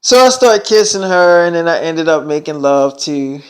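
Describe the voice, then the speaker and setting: A young man spins a long story for his viewers in a casual vlog. His voice sits high for a man, and he talks emphatically and swears often. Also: lively intonation, clean tone. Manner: profane, fast-talking, emphatic storyteller. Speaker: vlogger.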